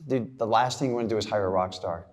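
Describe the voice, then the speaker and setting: A man's voice: fairly low pitch, fast talker. A middle-aged man giving a blunt, casual motivational talk to a live audience, acting out little scenes. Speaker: real estate investor speaking to an audience.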